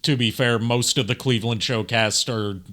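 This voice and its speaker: A man's voice: mid-range voice, fairly even intonation, moderate pace, bright, forceful tone. A man, a guest from the cast, chatting casually with wry jokes. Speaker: fan-series cast guest. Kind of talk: casual chat.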